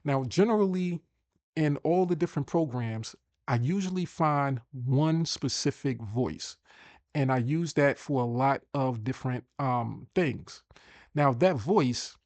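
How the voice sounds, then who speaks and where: A man hosts a casual screen-share tutorial, chatting and thinking aloud as he repeats himself. His voice is medium-pitched with a darkish tone, and the recording is dry.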